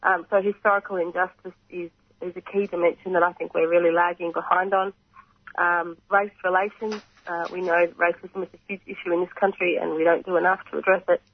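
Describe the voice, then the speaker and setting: Croaky Australian man on a phone line. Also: high-pitched, level tone. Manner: earnest, measured, frequent pauses and throat clearing. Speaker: reconciliation organisation representative. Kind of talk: radio interview answers. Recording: tinny phone line, dry.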